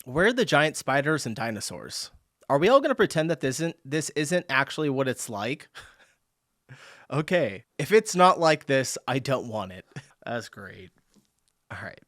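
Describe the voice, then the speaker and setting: Lively American man reacting to clips. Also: medium pitch, moderate pace, dry recording, clean studio sound. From United States. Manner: animated, laughing, joking asides. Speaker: reaction video host. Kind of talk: casual reaction commentary.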